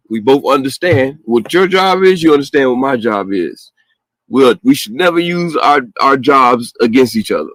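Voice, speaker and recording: A man speaking in a loose, profane, animated rant, punctuated by laughter. His voice sits at an average pitch. The recording is dry and close. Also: dry recording, poor audio. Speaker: podcast host. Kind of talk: casual opinionated chat.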